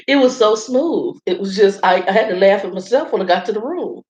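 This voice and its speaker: A woman's voice: mid-range voice, animated, brisk, hardly any pauses, a little mellow. A woman vlogger in a hotel room, chatting to viewers in a rambling, casual storytelling way and calling them y'all. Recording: roomy, slightly dull sound.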